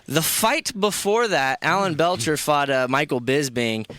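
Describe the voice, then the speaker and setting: A man's voice: fairly high pitch, very animated, a little slow, over a noisy crowd. A man recapping fight injuries eagerly on a radio show, with many fillers. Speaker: sports co-host. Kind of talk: casual sports recap. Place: radio studio.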